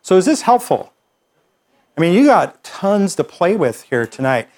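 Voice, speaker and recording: A man teaching a workshop group, explaining in a relaxed, conversational way with fillers and restarts. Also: sits high, a little slow. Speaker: workshop instructor.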